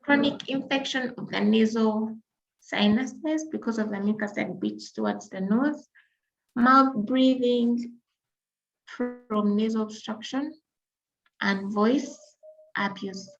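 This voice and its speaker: A woman's voice: fairly high pitch, slow pace. A woman giving a patient, explanatory medical lecture as a teacher. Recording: dull lo-fi recording.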